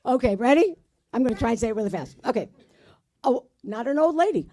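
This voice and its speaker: A woman's voice: on the high side, big pitch swings, fast, mellow, no room sound, clean studio sound. A woman doing stand-up, telling old jokes in a brash manner and swearing at the audience. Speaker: stand-up comedian. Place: community arts center stage.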